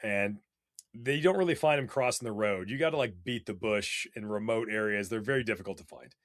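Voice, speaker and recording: A man telling casual stories as a podcast guest, animated and rambling, with many fillers. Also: lowish voice, fairly quick, dry recording, clean studio sound. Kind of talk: casual storytelling.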